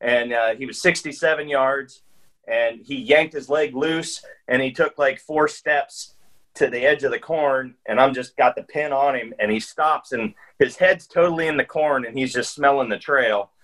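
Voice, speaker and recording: A man's voice: medium pitch, normal speed, a bit bright, rough recording. Rambling man telling a hunting story. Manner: rambling, with frequent restarts and fillers. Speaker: guest hunter. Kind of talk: casual storytelling.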